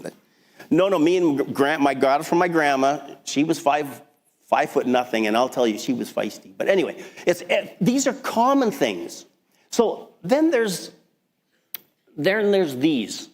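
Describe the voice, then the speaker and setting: Guy pastor preaching, chatty and animated, lots of restarts, echoey church hall. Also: mid-range voice. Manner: conversational, animated, with many restarts. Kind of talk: sermon. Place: church sanctuary. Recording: long hall reverb.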